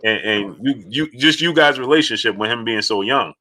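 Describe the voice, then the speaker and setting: A man's voice: medium pitch, moderate pace, bright, forceful tone. A man hosting a casual interview, laid-back, keeps checking in with "right?" and "you know". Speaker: interview host.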